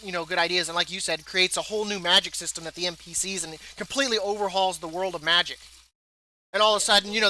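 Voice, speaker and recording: A man streaming live, chatting casually while he plays a game, in a rambling, animated way full of filler words. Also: high-pitched, low-quality recording.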